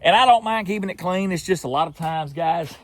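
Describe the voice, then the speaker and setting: A man's voice: sits high, a little fast. A young man chatting casually in an outdoors vlog, laughing often, folksy. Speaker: outdoors vlogger.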